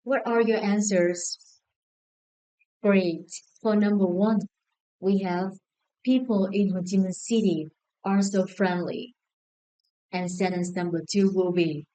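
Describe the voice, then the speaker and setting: A woman with a Vietnamese accent teaching an English lesson, giving clear, encouraging instructions to a class. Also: mid-range voice, steady tone, slow, long pauses, warm tone, rough recording.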